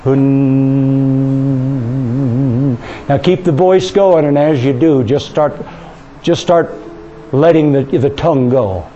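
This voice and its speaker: A man with a high, light voice leads a charismatic prayer session. He talks fervently and intimately, coaxing his listeners to pray out loud. At times he drops into soft, slow speaking in tongues. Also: highs cut off, a little hiss or hum. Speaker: minister leading prayer.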